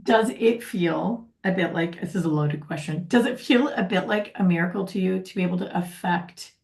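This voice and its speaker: A woman host puts a question to a guest in a measured, thoughtful way. Her voice sits low and has a gravelly fry. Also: a little mellow.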